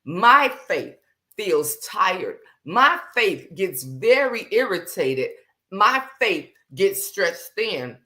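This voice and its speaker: A woman's voice: mid-range voice, very animated, extremely slow, sharp tone. A woman hosting a faith livestream, talking candidly and bluntly with slang, greeting viewers as she goes. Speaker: livestream host.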